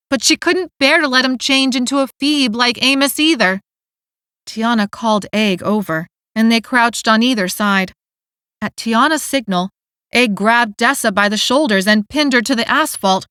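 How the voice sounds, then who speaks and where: A woman's voice: on the high side, unhurried, sharp tone, clean tone, no echo. A woman narrating an audiobook in scripted, emotive style on a close studio mic.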